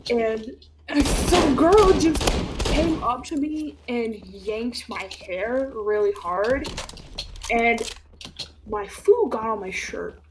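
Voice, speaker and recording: A young woman with a slightly high voice tells stories on her stream in a loose, animated way. She laughs easily, swears freely and acts out what people said. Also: slow, background noise. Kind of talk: casual storytelling chat.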